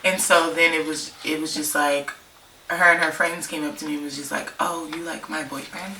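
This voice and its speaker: Young female vlogger from California, laughing storyteller, slightly low voice in a roomy space. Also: level tone, brisk, bright, forceful tone, far from the mic. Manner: slangy, rambling, laughs often. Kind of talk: casual storytime chat. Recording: roomy, off-mic, faint noise.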